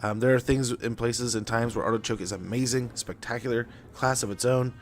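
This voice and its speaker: A man's voice: medium pitch, fairly even intonation, a little fast, slight background noise. A young man chatting casually and rambling while playing a strategy game on stream, with lots of fillers. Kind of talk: casual gameplay chat.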